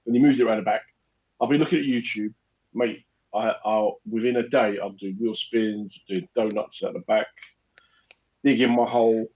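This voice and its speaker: A man co-hosting a casual chat, telling animated stories and acting out other people's lines. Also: lowish voice, moderate pace. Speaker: podcast co-host. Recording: muffled lo-fi recording.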